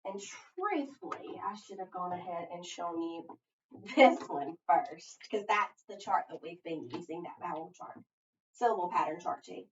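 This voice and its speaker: Her voice is on the low side but animated as she gives a slow, patient phonics lesson, asking questions aloud and then answering them. The recording comes across as distant and echoey, with dull room sound.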